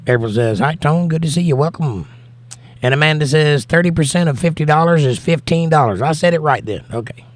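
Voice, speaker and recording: This is a casual livestream where the American host reads out viewer comments and answers them, worn out from going without sleep. He talks a little quickly in a voice on the high side, recorded with no room sound.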